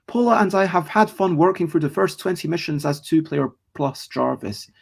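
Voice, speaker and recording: A man with a slightly high, animated voice and some vocal fry talks at a normal speed. He's hosting a casual live stream, rambling chattily about board games and greeting viewers in chat along the way.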